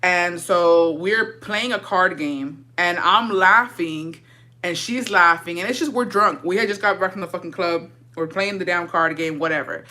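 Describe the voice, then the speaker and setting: A woman's voice: fairly low pitch, normal speed, sharp tone. A woman telling a casual storytime vlog in a blunt, heavily profane way, switching between English and Spanish slang. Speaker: vlogger.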